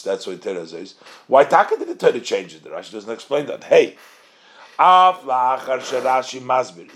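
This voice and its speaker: A man's voice: medium pitch, creaky. Man teaching a text study lesson. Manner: reads Hebrew phrases then translates them, questioning tone. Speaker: Torah teacher.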